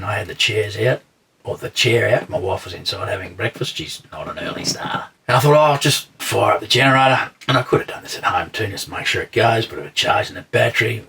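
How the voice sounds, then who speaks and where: Gravelly, husky Australian man telling stories. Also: lowish voice, bright, forceful tone, far from the mic. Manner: dry, wry understatement. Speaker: vlogger. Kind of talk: casual anecdotal storytelling.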